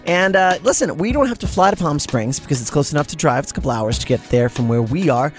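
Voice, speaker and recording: A man's voice: a little high, expressive, fast talker, faint music behind. A man hosting a morning radio show, chatting energetically and telling stories. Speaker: radio host. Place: radio studio.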